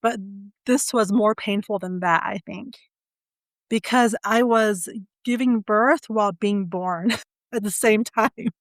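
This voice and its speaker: A woman's voice: mid-range voice, no room sound. Woman, middle-aged, podcast guest, personal storytelling, stammering, filler-heavy, dry close sound. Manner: halting, many stutters and fillers.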